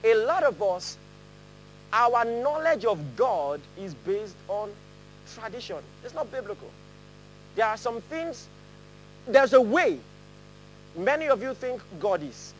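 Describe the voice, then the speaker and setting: A man's voice: very high voice, very animated, takes it slowly, long pauses, slight background noise, poor audio. A man preaching a sermon, laughing often and leading his congregation in reading aloud together. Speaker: pastor. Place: church hall with a congregation.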